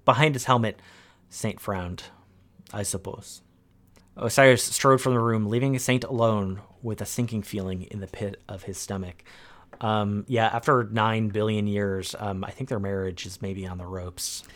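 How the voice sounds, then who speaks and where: A man reading game lore aloud in a calm, steady storytelling manner. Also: lowish voice, moderate pace.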